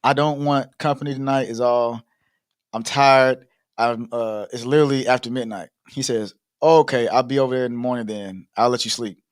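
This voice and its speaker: A man's voice: medium pitch, normal speed, smooth, no room sound, studio quality. A man co-hosting a casual talk show, reading a text exchange aloud and acting it out, laughing often. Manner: animated, laughs often, acts out the text messages. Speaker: co-host. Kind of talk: casual podcast chat, reading messages aloud.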